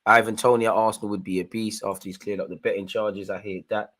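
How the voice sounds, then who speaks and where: A young man hosting a live football watchalong, giving slangy running commentary and shouting at the referee in bursts. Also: lowish voice, level tone, fast. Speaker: live match watchalong host.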